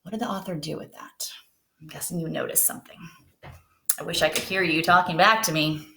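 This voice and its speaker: A woman teacher reading a picture book aloud to her students, gently asking them questions along the way. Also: sits low, fairly quick, a little hiss or hum. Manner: gentle, asks children questions. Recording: roomy echo.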